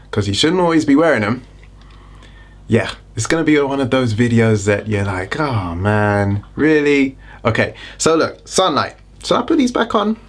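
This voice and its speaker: This is a British man hosting his own wellness vlog and talking straight to the camera. He is chatty and keeps breaking off for jokey, self-deprecating asides before getting back to explaining things. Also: medium pitch. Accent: British English. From Britain. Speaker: wellness vlogger.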